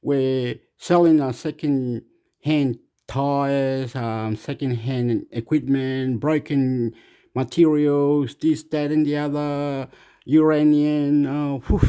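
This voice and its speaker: A man's voice: medium pitch, fairly even intonation, slow, warm tone, clear, resonant tone. A man giving rambling, repetitive casual commentary on the news, swearing and acting out what others said.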